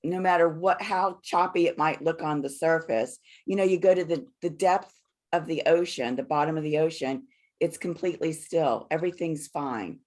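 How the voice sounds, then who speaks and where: A woman hosting a spiritual group on a video call, soft-spoken and reassuring. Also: low-pitched, moderate pace. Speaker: host of a spiritual group session. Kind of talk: calm group facilitation.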